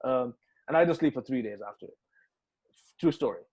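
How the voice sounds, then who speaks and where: Animated man telling a story in an interview. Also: mid-range voice, fairly quick, husky, dull audio. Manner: animated, swears, repeats words when excited. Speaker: metal band guitarist, interview guest.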